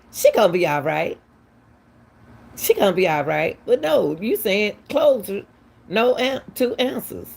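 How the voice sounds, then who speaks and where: This true-crime commentary host speaks at a medium pitch with a creaky voice. Her casual delivery is emphatic, packed with repeated, disbelieving questions.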